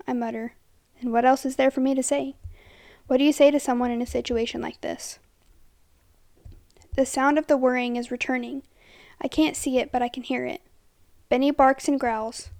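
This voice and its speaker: A woman with a high, slightly gravelly voice reads a first-person horror story aloud. Her delivery is steady and dramatic, and at times she drops to a hushed tone. The sound is dry and close. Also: normal speed, no echo.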